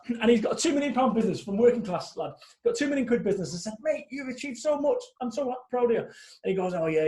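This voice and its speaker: A man's voice: sits high, warm tone. A man in his forties, a guest speaker talking bluntly and animatedly in a casual interview, swearing freely. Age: 40s. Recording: echoey room.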